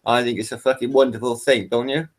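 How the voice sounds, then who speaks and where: A man in loud, casual group chat on a call, swearing freely and cutting in over others. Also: medium pitch, fairly even intonation, quick pace. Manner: boisterous, swearing, jumps in and takes over. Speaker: participant in online group call.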